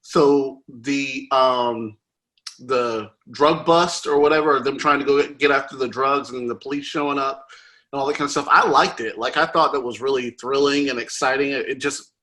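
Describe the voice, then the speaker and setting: A man's voice: medium pitch, fairly even intonation, moderate pace, sharp tone. A man hosting a podcast, chatting casually about a movie in a rambling way, with many fillers and restarts. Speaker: podcast host. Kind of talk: casual movie review chat.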